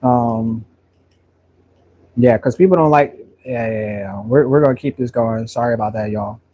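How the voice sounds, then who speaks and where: A man's voice: mid-range voice, normal speed, mellow, slight background noise. A man painting on a livestream, talking in a loose, long-winded way, full of fillers. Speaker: painter livestreaming his work. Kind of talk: casual rambling talk while painting.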